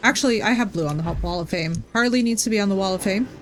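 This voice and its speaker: A woman's voice: mid-range voice, very fast, a little hiss or hum. A woman from New Jersey chatting with her viewers by name during a live gaming stream. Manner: chatty, talks to chat by name.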